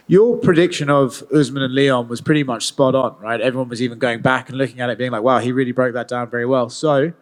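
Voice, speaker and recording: A man's voice: medium pitch, fairly even intonation, fast talker, few pauses. Friendly male reporter asking questions. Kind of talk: press interview questions.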